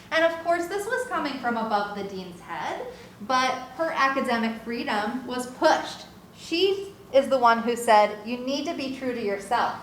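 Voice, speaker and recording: A woman's voice: a little high, fairly bright tone. A woman presenting research findings in an academic lecture, earnestly reading participants' quotes aloud. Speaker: guest speaker presenting research. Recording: echoey room with faint background noise.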